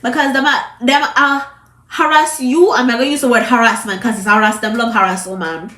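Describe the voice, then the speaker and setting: In an echoey room, a Jamaican woman vlogger with a trace of a British accent delivers an emphatic, scolding commentary to camera in patois. Her voice is fairly high, sharp and fairly even in intonation, and she speaks a little fast.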